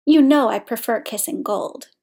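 A woman voicing a gentle young man who speaks softly and tenderly, in a storybook reading. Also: fairly high pitch, moderate pace, creaky.

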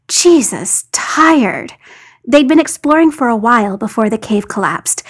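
Woman narrating a fan story. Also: fairly high pitch. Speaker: podfic reader. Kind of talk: scripted narration.

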